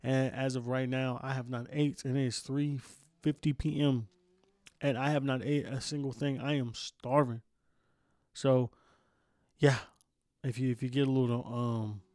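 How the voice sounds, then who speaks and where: A man's voice: medium pitch, steady tone, normal speed, pauses often, darkish tone, dry recording. A man hosting a casual solo podcast, rambling and groggy after just waking up, cussing a lot and stumbling over his words. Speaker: podcast host.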